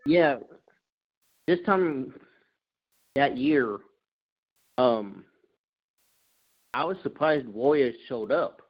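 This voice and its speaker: A man chats about wrestling on a casual show, raising skeptical questions. His voice sits at a middling pitch. The sound is muffled and lo-fi. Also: lively intonation, drawn-out words, long pauses. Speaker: podcast co-host.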